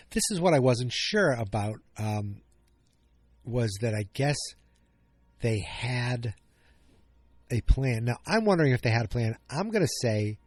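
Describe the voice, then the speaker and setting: Tired and yawning, a man hosts a casual solo podcast recap, thinking out loud with plenty of fillers and self-corrections. His mid-range voice has a darkish tone, and there's no room sound.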